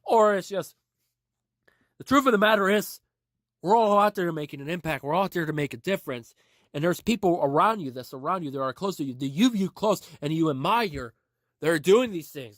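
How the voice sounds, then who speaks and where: An earnest male podcast host speaks in a slightly higher than usual voice, rambling through motivational points. He repeats himself and restarts his sentences often, and the sound is dry and close to the mic. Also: a bit bright, dry recording. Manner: earnest, repetitive, with frequent restarts.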